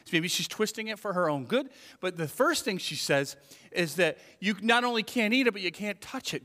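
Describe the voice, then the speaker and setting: A man's voice: sits high, expressive, a little fast, pushed and bright. A man preaching a sermon as pastor, talking in a conversational way and acting out the voices he quotes. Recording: long hall reverb.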